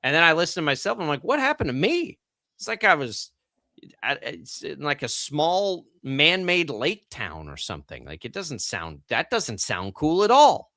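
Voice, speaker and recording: A man's voice: on the high side, sing-song, normal speed, hardly any pauses, bright, forceful tone, no echo, clean studio sound. A young man from Texas hosting sports radio, chatting casually with lots of fillers and self-deprecating asides. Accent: General American, trained out a Texas twang. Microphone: studio broadcast mic.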